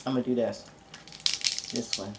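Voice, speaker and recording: A woman's voice: very deep voice, steady tone, measured pace, heavy background noise. A woman vlogger talking to her viewers between bites of food, humming and chewing as she chats playfully. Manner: addresses viewers directly and playfully. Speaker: mukbang vlogger. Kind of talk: casual eating show chat. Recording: roomy echo.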